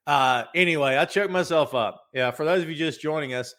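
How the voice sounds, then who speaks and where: A man's voice: fairly high pitch, a little fast, hardly any pauses, fairly bright tone. A middle-aged man hosts a casual wrestling podcast, stuffy with a head cold. He rambles and jokes his way through the news. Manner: rambling, joking, talks to a co-host. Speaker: podcast host.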